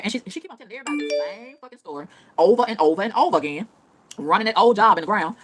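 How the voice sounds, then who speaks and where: A woman rattling off a profane rant at top speed, repeating lines for emphasis. Her pitch swoops up and down with lively energy. It is an unscripted, casual vlog delivery. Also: very fast. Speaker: vlogger.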